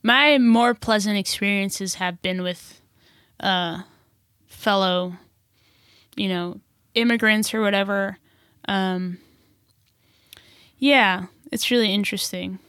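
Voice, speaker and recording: A young woman in casual conversation, telling stories in an animated way, swearing freely and laughing often. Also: medium pitch, takes it slowly, pauses often, clear, resonant tone, no room sound, clean studio sound. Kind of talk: casual chat.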